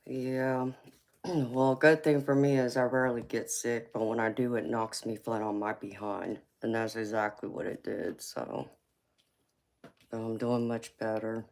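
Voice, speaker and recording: A woman with a Southern US accent doing a chatty live-stream tarot reading, speaking in a relaxed drawl and calling her viewers y'all. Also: a bass voice, measured pace. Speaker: tarot reader.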